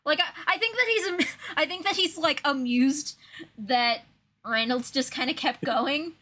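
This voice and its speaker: A woman's voice: high-pitched, unhurried, sharp tone. A woman narrating a role-play scene casually, chatty and laughing often. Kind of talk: casual collaborative storytelling.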